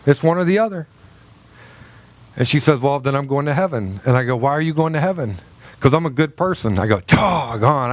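A man's voice: on the high side, no echo. A middle-aged man preaching a sermon as a pastor, telling a story in a loose, conversational way with many fillers and restarts.

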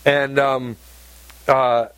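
A man's voice: medium pitch, level tone, extremely slow, fairly bright tone, clean tone. A man preaching a sermon to a congregation, emphatic and repetitive, often asking his listeners questions. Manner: emphatic, repeats phrases and asks the congregation questions. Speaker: pastor. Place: church hall with congregation.

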